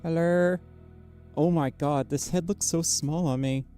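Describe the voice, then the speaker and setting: Tired, quiet livestreamer, mellow voice. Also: steady tone, clear, resonant tone, soft background music. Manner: quiet, low-energy, halting with many fillers. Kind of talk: casual livestream chat with viewers. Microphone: microphone very close to the mouth inside a costume head.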